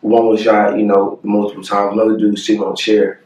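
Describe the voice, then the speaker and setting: Young man, low voice, earnest halting storytelling, many fillers, echoey room, a bit off-mic. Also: completely flat delivery, a little mellow, distant mic. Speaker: family vlogger. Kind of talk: personal storytelling to camera.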